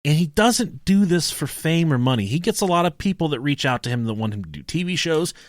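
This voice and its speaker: A man's voice: fairly high pitch, brisk. A man co-hosting a podcast in crude, casual banter, profane and joking as he tells stories. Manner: profane, joking, lively storytelling. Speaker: podcast co-host.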